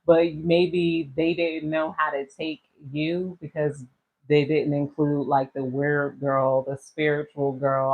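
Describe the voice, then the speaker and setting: A woman's voice: low voice, narrow, tinny audio. A woman giving a casual tarot reading, rambling and slangy and laughing often as she talks. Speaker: tarot reader.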